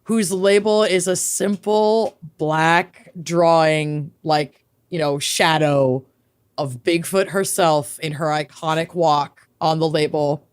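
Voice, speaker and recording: A woman co-hosts a podcast in casual, playful chat. Her voice sits a little low and she talks slowly, drawing out words for effect. The sound is dry and close, with faint music underneath. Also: steady tone, clear, resonant tone, dry recording. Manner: chatty, playful, drawn-out emphasis. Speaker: podcast co-host.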